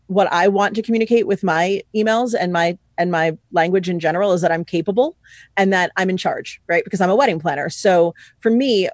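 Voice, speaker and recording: A woman from New York City, a podcast host and wedding planner, talking in a casual, animated way and acting out quoted emails. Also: on the low side, dry recording. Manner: animated, acts out quoted speech. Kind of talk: casual business chat.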